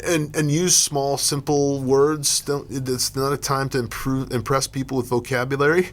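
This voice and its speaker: A man's voice: mid-range voice, flat delivery, moderate pace. A man co-hosting a casual instructional talk show about emergency care, explaining step by step with frequent restarts. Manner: thoughtful, repeats and restarts while explaining. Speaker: podcast co-host and EMS educator.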